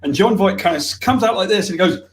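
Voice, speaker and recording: A man's voice: sits high, fast talker. A man, rambling through anecdotes in casual chat and swearing freely.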